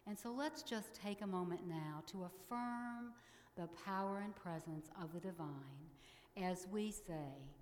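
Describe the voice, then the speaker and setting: A middle-aged woman minister giving a sermon in a church, leading the congregation in spoken affirmations in a measured way. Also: lowish voice, darkish tone, long reverb tail.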